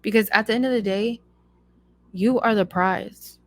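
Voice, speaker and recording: A woman's voice: mid-range voice, moderate pace, no room sound. A young woman hosting a solo podcast, giving blunt, emphatic advice in a casual chatty way with lots of repetition. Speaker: podcast host.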